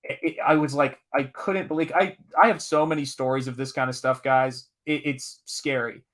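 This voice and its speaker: In a mid-range voice at a moderate pace, a Southern comic artist from Tennessee hosts a live stream, chatting casually. He tells an animated, emphatic story, reads out viewers' chat comments, and lets a swear word slip when he gets worked up.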